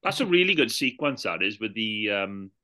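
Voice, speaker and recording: A man in a casual film chat, teasing his co-hosts with plenty of swagger. His voice has a bright edge and swings widely in pitch as he talks. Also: sing-song, normal speed. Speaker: podcast co-host.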